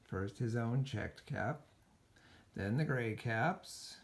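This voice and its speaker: A man reading a children's picture book aloud as a storyteller, slow and expressive. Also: mid-range voice.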